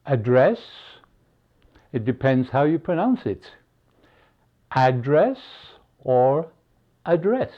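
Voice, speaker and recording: A man slowly teaching English spelling, pausing between each word he gives as an example. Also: medium pitch, sing-song. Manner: slow, deliberate, pausing between words. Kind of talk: slow spelling lesson. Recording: dull lo-fi recording.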